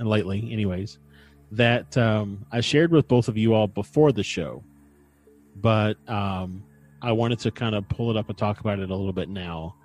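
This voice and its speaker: Faint music plays behind a podcast host whose lowish, darkish voice moves at a normal speed. He tells stories casually, with dry humor and frequent fillers.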